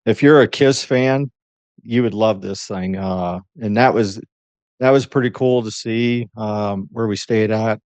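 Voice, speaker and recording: A man's voice: fairly low pitch, a little slow, a little mellow, no echo. A man hosting a podcast, telling stories in a laid-back, teasing way. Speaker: podcast host. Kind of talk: casual chat. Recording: dull, dry lo-fi podcast audio.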